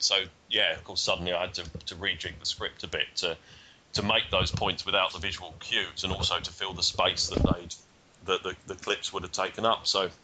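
A man's voice: low-pitched, background noise. A man in casual podcast chat, telling a rambling, self-deprecating story. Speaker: guest speaker.

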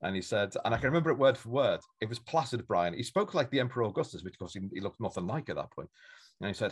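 Brief: male podcast host, low-pitched voice, animated storyteller. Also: racing, breathy edge. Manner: animated, breaks into loud shouted quotes. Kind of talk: anecdotal storytelling.

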